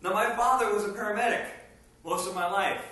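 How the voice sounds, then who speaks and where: Animated preacher in a distant echoey hall. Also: male voice, high voice, brisk. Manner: animated, rising to emphatic bursts. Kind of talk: sermon. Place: meeting hall. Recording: echoey room from far off with faint noise.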